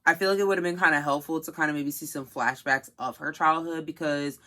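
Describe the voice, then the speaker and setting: A woman's voice: low-pitched, steady tone, fast talker, pushed and bright. A woman co-hosting a podcast in casual chat, rambling with lots of fillers. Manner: chatty, full of fillers like "kinda". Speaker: podcast co-host.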